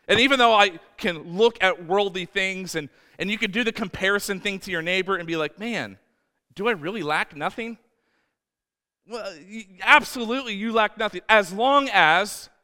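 A man's voice: sits high, sharp tone, smooth, in a large hall. A man preaching a sermon as pastor, emphatic and repeating words, often acting out voices in quotes. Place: church.

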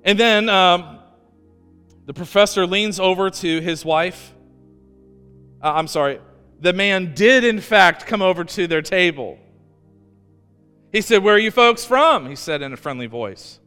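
A male pastor delivers his sermon with a bright, crisp tone, unhurried and emphatic, leaning on single words for weight. His voice rings out in a large reverberant hall. Soft music plays beneath him. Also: high-pitched. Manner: emphatic storyteller, slows down to stress key words.

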